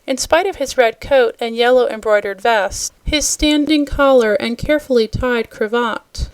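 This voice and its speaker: A woman narrating a children's storybook aloud in a steady, expressive way. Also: a little high, moderate pace, clean tone, no room sound. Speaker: storybook reader.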